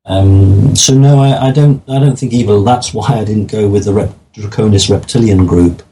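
A man's voice: fairly low pitch, moderate pace, dark tone, slight background noise, poor audio. A man talking as a guest in an interview, explaining his views in an earnest, matter-of-fact way. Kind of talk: interview conversation.

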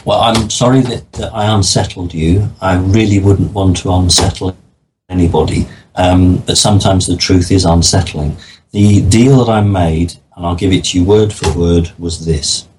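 Low-voiced man, earnest guest. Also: steady tone, moderate pace, a little mellow, a little hiss or hum, low-quality recording. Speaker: interview guest. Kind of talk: interview conversation.

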